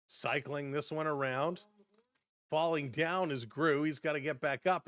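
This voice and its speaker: A man's voice: a little high, a bit bright, dry recording. A man hosting a live hockey stream, mixing casual play-by-play with laughing chat to viewers. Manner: chatty, laughs often, jumps between plays and viewer chat.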